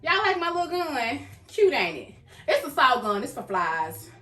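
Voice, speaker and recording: Lively animated woman, echoey room. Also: high-pitched, normal speed. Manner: animated storytelling, acts out characters' lines, calls viewers "baby". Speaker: reaction video host. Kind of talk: casual recap and reaction. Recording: echoey room, faint background noise.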